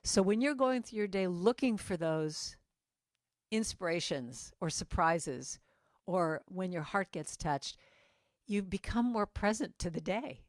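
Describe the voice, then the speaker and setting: Give me a warm-hearted, chatty woman giving an inspirational talk over a video call, dry and close. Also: fairly low pitch, animated, a little slow, dry recording. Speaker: guest speaker and musician. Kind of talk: inspirational morning message.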